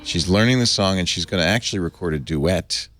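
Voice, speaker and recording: A man hosting a casual panel chat, telling a story in an animated way with laughs between points. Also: low-pitched, a little fast, dry recording. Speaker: host.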